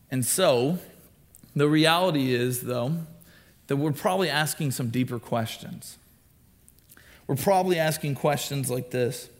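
A young man, a student ministry pastor, preaching a sermon and acting out questions people ask in lively raised voices. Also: on the high side, moderate pace. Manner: animated, acts out quoted questions in raised voices.

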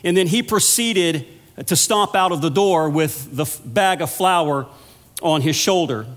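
A man with a notably high voice delivers a sermon, earnest and conversational like a storyteller. His words ring out with a long reverb from the church hall around him. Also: unhurried, fairly bright tone. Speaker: minister of pastoral care.

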